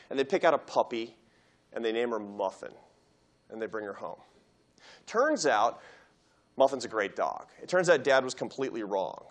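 Animated male lecturer telling a story. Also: mid-range voice. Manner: animated storyteller, acts out quoted dialogue. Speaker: guest lecturer. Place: university lecture hall.

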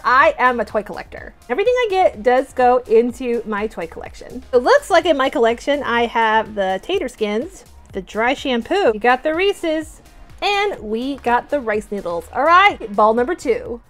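A woman's voice: on the high side, sing-song, normal speed, faint music behind. A woman toy collector chatting through an unboxing vlog, gushing with gasps and giggles. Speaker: toy collector and channel host.

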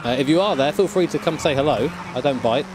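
With racing game engine sounds behind him, this streamer jokes around and swears a lot during his live gaming commentary. His voice sits on the high side and moves at a quick pace.

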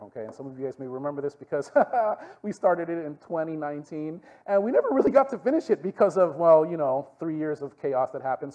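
A man's voice: fairly high pitch, dull audio. A man with a Hawaiian Pidgin-tinged accent teaching a youth group, telling stories animatedly and checking in with "okay?". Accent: Hawaiian Pidgin-tinged English. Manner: animated storytelling, frequent "okay?" asides to the room. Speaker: youth pastor.

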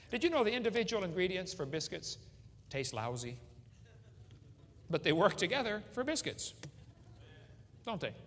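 Man, middle-aged, folksy joking preacher, animated pitch, long hall echo. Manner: folksy, joking, asks the audience questions. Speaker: creationist speaker. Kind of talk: humorous seminar preaching to a live audience. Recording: hall reverb with faint ambience.

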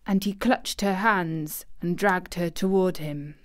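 Slow, measured woman storyteller. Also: lowish voice. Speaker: narrator. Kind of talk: audiobook narration.

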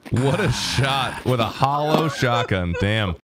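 A man streaming a shooter game with his squad, trading jokes and quick comebacks over a headset mic. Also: mid-range voice, expressive, very noisy. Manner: joking banter, quick comebacks. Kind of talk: casual gaming chat.

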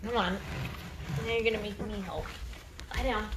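A woman's voice: mid-range voice, fairly even intonation, normal speed, noisy background. A woman vlogging on her farm, chatting casually and cooing at her dogs in a singsong voice, laughing easily. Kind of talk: casual talk to dogs and camera.

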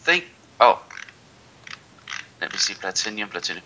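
A man's voice: medium pitch, moderate pace, sharp tone, rough recording. A man playing co-op, chatting casually and making dry, wry remarks. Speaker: co-op player. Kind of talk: casual chat during a let's play.

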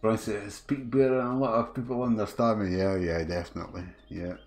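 A man's voice: lowish voice, fairly even intonation, fairly quick. A middle-aged Scottish man chatting with his live viewers as he streams a game, telling a story with laughter, swearing and restarts. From Scotland. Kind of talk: casual chat with live viewers. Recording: faint music behind.

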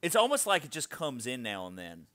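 A man co-hosts a casual book discussion podcast, trading jokes and quick asides. His voice swings widely in pitch and carries a bright edge. The recording is dry and close. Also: dry recording. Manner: animated, joking, quick asides. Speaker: podcast co-host.

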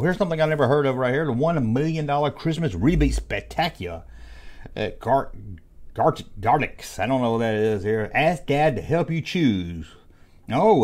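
A man's voice: on the low side, darkish tone. A man casually commenting on old comic book ads, with jokey, sarcastic asides. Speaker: YouTube host reviewing old comic ads.

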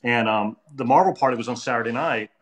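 A man's voice: medium pitch, fast. A man casually telling rambling, funny stories, restarting sentences and quoting people as he goes. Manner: chatty, rambling anecdotes with restarts and quoted voices. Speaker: artist telling stories on a Q&A stream. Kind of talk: casual storytelling. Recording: echoey room.

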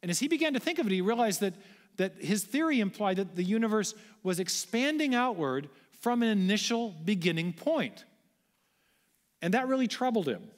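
A man giving an animated public lecture, telling the story with emphasis and asking the audience rhetorical questions. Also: sits high, moderate pace. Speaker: guest lecturer. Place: large church auditorium. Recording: long church-hall reverb.

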